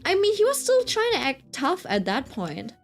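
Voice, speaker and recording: A young woman telling a story in casual chat, full of fillers and quick laughs, asking "right?" often. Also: high voice, wildly swooping pitch, soft background music. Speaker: vlogger.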